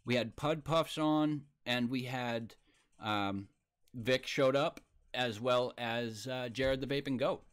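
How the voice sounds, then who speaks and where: A man hosting a casual live stream, chatting loosely and reading viewer comments out loud. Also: medium pitch, slow, clear, resonant tone. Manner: laid-back, reads viewer comments aloud.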